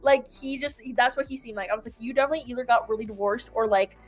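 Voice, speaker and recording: A young woman host with a slightly high voice races through a long, casual story over soft background music. She rambles, leans heavily on "like," and acts out quotes in an animated retelling.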